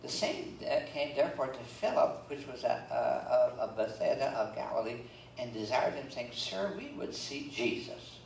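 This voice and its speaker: A pastor preaches in a mid-pitched voice, reading scripture and breaking off into folksy jokes. He is picked up from some distance in a roomy church sanctuary, with a faint hum of the room behind him. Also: moderate pace, vocal fry, darkish tone. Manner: folksy, joking asides between scripture readings. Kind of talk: sermon.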